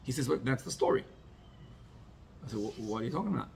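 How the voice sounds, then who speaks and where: A man's voice: mid-range voice, expressive, fast, creaky, a little mellow, a little hiss or hum. A man, a rabbi, teaching a class in a conversational way, telling personal stories and dropping Yiddish and Hebrew terms.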